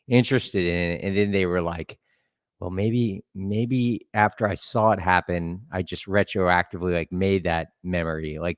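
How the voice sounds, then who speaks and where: A man with a very low voice talks as a podcast guest, working through his ideas thoughtfully and often restarting as he goes. His voice is picked up close and dry, with no room around it. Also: dry recording. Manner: thoughtful, searching, halting with restarts. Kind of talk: casual conversation.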